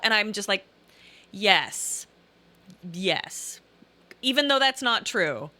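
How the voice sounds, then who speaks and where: Woman with a Southern Illinois accent, casual rambling chat, lively pitch, bright voice, dry close sound. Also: takes it slowly. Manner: chatty, rambling, laughs often. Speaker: streamer reading chat. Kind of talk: casual live-stream chat.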